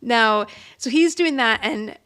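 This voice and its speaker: A woman's voice: a little high, slow. A woman co-hosting a podcast, giggling often as she recaps a TV episode in casual chat. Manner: giggly, animated retelling, quoting characters' lines. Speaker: podcast co-host.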